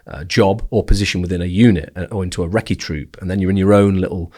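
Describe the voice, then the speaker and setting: A man's voice: low voice, fast talker. A man with an English accent, a former special forces sniper telling his stories frankly in a casual podcast interview, swearing often. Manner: frank, heavy swearing, animated retelling.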